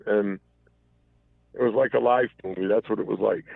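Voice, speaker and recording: A man's voice: on the low side, steady tone, moderate pace, vocal fry, no room sound. A man calling in to a talk show, telling a candid personal story in a rambling way full of restarts and profanity. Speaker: caller. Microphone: phone. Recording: tinny phone line.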